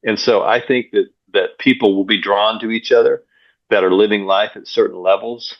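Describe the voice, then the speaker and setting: A man, a pastor and coach, guesting on an interview show and telling stories in an energetic way, often repeating words as he goes. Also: fairly low pitch, moderate pace. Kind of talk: casual interview storytelling. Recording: dull lo-fi sound.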